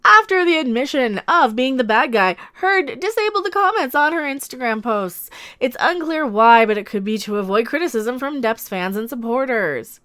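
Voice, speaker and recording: A woman with a high, smooth and clear voice rambles through casual opinion commentary. She is sarcastic and opinionated, talking to her viewers as an online commentator. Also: lively intonation, normal speed, pushed and bright.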